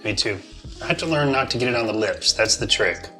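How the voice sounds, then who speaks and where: A man in easy banter as a podcast co-host, his pitch sitting mid-range for a man. He jokes and laughs his way through the chat with faint music underneath. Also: expressive, a little fast. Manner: joking, laughing, says he is sweating. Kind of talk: casual chat while eating hot wings.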